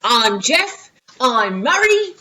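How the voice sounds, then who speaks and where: A woman's voice: a little high, sing-song, very slow, pushed and bright, recorded from a distance, heavily acted. A woman voicing a cheery male children's entertainer with an Australian accent and a sing-song, bouncy manner. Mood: cheerful. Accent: Australian (put on).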